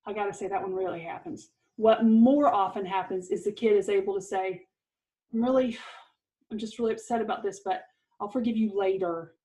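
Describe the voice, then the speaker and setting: A woman's voice: medium pitch, steady tone, a little fast, warm tone, poor audio. A middle-aged woman giving an earnest, encouraging parenting lesson, with light laughs. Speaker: parenting course presenter.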